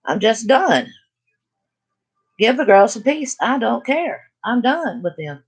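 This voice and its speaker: A woman's voice: fairly high pitch, sing-song, takes it slowly, husky. An older woman hosting a casual chat, talking bluntly and emphatically. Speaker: channel host.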